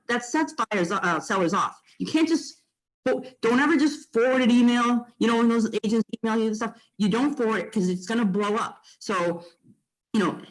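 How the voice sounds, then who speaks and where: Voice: mid-range voice, low-quality recording. A real estate agent, giving a casual, blunt training talk to fellow agents and full of fillers and mild swearing.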